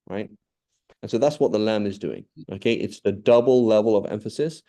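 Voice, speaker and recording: Mellow-voiced male Arabic teacher. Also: medium pitch. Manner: explains patiently with examples, often checks with "okay?". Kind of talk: online grammar lesson.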